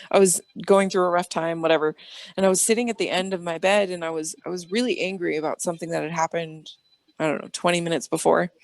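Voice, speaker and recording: A woman's voice: lowish voice, a little mellow, no echo. A woman guest on an interview show, telling rambling personal stories in a chatty way and acting out the dialogue. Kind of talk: casual storytelling interview.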